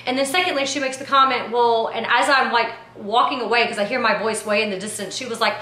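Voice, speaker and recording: A woman with a bright, fairly high voice recounts behind-the-scenes drama to camera, animated and indignant, peppering her talk with "yo" and "like". The sound is echoey, as if recorded in a bare room. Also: quick pace, few pauses. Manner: animated and indignant, slangy with frequent "yo" and "like". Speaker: reality TV personality and producer. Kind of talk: casual storytime recap to camera.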